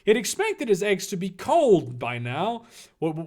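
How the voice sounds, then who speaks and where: A man's voice: high-pitched, huge pitch swings, measured pace, a little mellow. A man reading fan fiction aloud with sarcastic, swearing asides. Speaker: reader.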